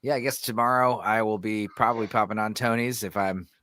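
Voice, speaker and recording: Bright-voiced man rambling on a podcast. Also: lowish voice, steady tone, a little fast. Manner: rambling, laughs often, swears casually. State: sore throat. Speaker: podcast host. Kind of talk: casual chat.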